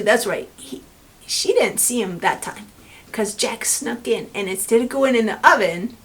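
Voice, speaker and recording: A woman librarian reading a fairy tale to children and explaining a craft, gently checking in with them. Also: a little high. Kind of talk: children's story time reading.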